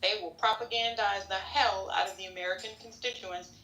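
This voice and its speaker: A woman's voice: mid-range voice, steady tone, a little fast, sharp tone, roomy sound, low-quality recording. A woman co-hosting a political podcast, opinionated and rambling.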